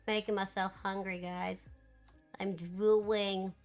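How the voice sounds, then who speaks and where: A woman chatting casually with her live-stream viewers, animated and laughing often. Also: medium pitch, slow pace, soft background music.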